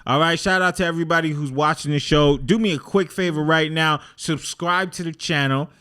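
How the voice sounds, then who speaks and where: Bright-voiced man hosting a casual podcast. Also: on the high side, fairly quick, clean tone. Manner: loose, joking, laid-back slang. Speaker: podcast host. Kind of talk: casual chat.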